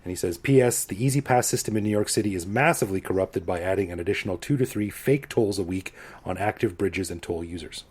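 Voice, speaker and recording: Laid-back Canadian man, mellow low voice. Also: fast, slightly rough. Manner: relaxed, self-deprecating, trails off quietly. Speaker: podcast co-host. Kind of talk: casual chat.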